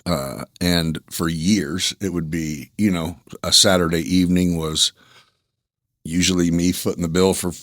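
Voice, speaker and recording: A man's voice: sits low, steady tone, a little slow, a bit bright, no echo, clean studio sound. A man hosting a podcast, chatting casually and easygoing, swearing now and then and laughing often. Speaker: podcast host. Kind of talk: casual interview chat.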